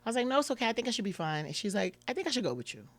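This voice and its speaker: A woman's voice: medium pitch, racing, no room sound. A woman guest on a podcast, telling a personal story and acting out what people said, with plenty of "like" fillers. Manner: animated retelling, acting out quotes, many "like" fillers.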